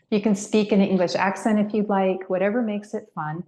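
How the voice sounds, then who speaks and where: A woman's voice: mid-range voice, steady tone, brisk, warm tone. A middle-aged woman leading a guided workout class, counting reps and giving step-by-step movement cues. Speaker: fitness instructor. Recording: echoey room.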